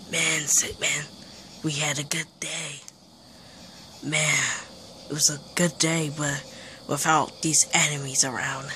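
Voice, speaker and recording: A woman's voice: deep voice, pushed and bright, a little hiss or hum. A woman narrating and voicing toys in an improvised play, talking in a half-whispered, sighing, rambling way. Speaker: toy play video maker.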